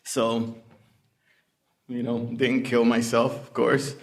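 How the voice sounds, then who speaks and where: A middle-aged man gives personal testimony at a recovery meeting. He speaks in a plain, unhurried way, pausing often. His pitch sits in a flat, narrow band. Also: noisy background. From Puerto Rican family background. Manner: unhurried, plain-spoken storytelling with many pauses.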